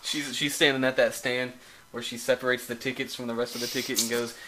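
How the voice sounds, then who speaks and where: A man co-hosting a casual podcast, bantering loudly with slang and frequent laughter. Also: medium pitch, flat delivery, fast, background noise. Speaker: podcast co-host. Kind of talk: casual chat.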